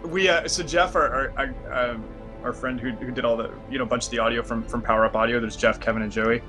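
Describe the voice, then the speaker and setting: A man's voice: mid-range voice, steady tone, fast, over music. A man with a Canadian accent, a game developer guest telling stories in casual interview chat. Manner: chatty storyteller, laughs easily.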